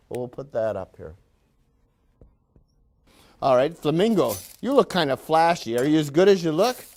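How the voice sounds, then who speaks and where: A man's voice: fairly high pitch, darkish tone, slight background noise. A lecturer playing a pompous, condescending factory manager in a classroom role-play, falsely cheerful as he talks down to his workers.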